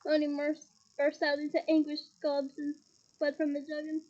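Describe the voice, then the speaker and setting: A woman's voice: high voice, completely flat delivery, moderate pace, darkish tone. A woman with a Scottish accent reading a novel aloud expressively, with disgusted asides. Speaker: audiobook reader. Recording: dull lo-fi recording.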